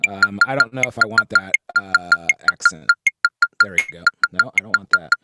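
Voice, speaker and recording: A man's voice: fairly low pitch, wildly swooping pitch, moderate pace, over loud music. A man leading a livestream drum lesson, talking casually as he explains stickings and counts the group in. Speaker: drum instructor.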